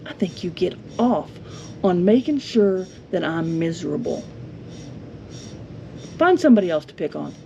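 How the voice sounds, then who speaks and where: A woman's voice: lowish voice, big pitch swings, moderate pace, gravelly, pauses often, mellow. A woman angrily venting at a neighbor, indignant and confrontational, in a home vlog. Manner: indignant, confrontational, rhetorical questions. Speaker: homestead vlogger. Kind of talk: angry venting monologue. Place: home with yard being mowed. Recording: dull lo-fi audio with faint noise.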